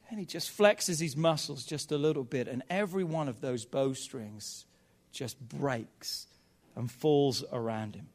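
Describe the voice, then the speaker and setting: A man's voice: on the high side, slow. A man preaching at a family service, reading a children's Bible story aloud and calling on the audience to repeat lines. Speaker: pastor.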